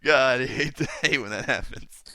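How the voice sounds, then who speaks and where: A man's voice: mid-range voice, normal speed, background noise. A man running a tabletop game as game master, loose and joking, laughing often.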